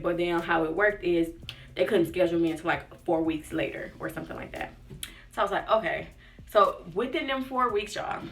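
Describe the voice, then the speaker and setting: A woman's voice: mid-range voice, sharp tone, far from the mic. Chatty young woman telling a story. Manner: chatty, acts out quotes, says "like" and "y'all" often. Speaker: lifestyle vlogger. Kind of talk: casual storytelling to camera. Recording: voice a bit off-mic with faint music behind.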